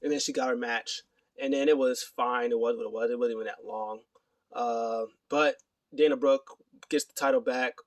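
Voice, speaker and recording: A young man recapping a wrestling show in a casual, rambling way, full of fillers and quick asides. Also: medium pitch, no echo. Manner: animated retelling with put-on quoted voices.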